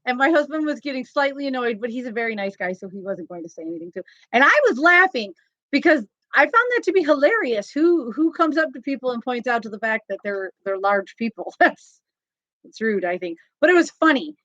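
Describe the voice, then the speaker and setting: A woman's voice: on the high side, animated, a little fast, bright, forceful tone, dry recording. A woman hosting a casual crochet live stream from home, chatty and laughing often. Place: home, indoors. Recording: slightly dull lo-fi sound.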